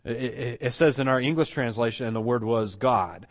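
A man's voice: medium pitch, normal speed. A man preaching a sermon, teaching emphatically and often restarting his phrases. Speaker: pastor.

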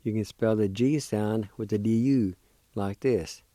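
A man patiently teaching words syllable by syllable on a radio lesson, repeating each sound slowly. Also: on the low side, mellow, dry recording. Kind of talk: slow spelling and pronunciation lesson.

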